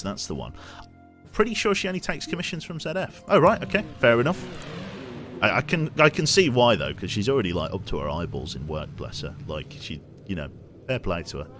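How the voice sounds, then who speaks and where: Lively chatty man gaming. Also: low voice, slight background noise. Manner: chatty, reads chat aloud, swears casually. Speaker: streamer. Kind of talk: casual gameplay commentary.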